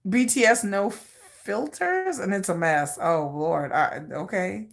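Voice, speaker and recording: A woman hosting a livestream in casual chat, rambling and animated and laughing often. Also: medium pitch, slow pace, gravelly. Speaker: livestream host.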